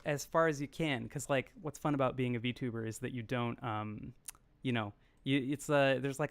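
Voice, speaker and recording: Man hosting, halting and smooth-voiced. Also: medium pitch, no echo. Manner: halting, many fillers and restarts. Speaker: show host. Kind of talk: casual interview chat.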